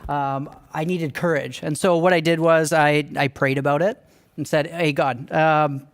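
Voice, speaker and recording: A man's voice: on the high side, fairly even intonation, a little slow. A young man on a church staff, giving a personal storytelling talk in an earnest, candid, conversational way.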